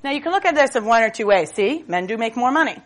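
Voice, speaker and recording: A woman speaks from a stage as a motivational speaker, her voice sitting a touch high. She talks nonstop in a lively, storytelling way, dropping self-mocking jokes as she goes. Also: quick pace. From Boston. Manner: jokey, self-mocking asides. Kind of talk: stage talk.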